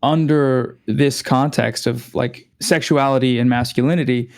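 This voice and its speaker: A man appearing as a guest, talking in an earnest, reflective, somewhat halting way in casual conversation. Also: mid-range voice, fairly even intonation.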